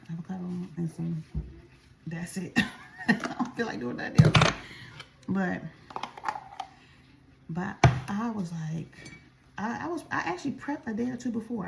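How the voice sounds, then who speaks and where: A woman's voice: medium pitch, creaky, heavy background noise. A woman vlogger telling a story in a chatty, casual way while she eats, speaking straight to her viewers. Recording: echoey room.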